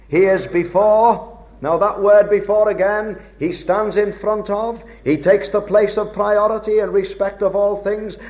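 A man preaching a sermon in a measured, old-fashioned way, slowing down to stress key words. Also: sits high, a little mellow. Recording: dull lo-fi recording.

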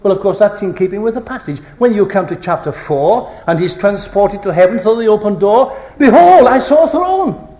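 A man preaching a sermon, reciting scripture with stressed final words and asking the congregation rhetorical questions, moving between ringing declamation and hushed low tones. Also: brisk, hardly any pauses, dull audio. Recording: echoey hall.

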